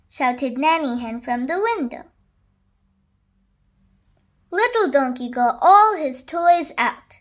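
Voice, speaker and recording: High-voiced woman reading a picture book slowly. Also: animated. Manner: slow, gentle read-aloud. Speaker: storybook reader.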